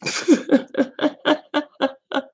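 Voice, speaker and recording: A woman's voice: high-pitched, little pitch movement, extremely slow, vocal fry, a little mellow. A middle-aged woman, chatting frankly and folksily to her viewers, laughing often. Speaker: vlogger. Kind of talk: casual livestream chat.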